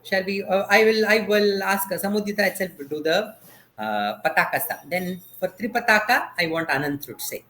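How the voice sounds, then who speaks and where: Patient dance teacher. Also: male voice, high voice, lively intonation, moderate pace, pushed and bright, echoey room. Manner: patient, asks questions and has students repeat terms. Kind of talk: online class, call-and-response teaching. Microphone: video call.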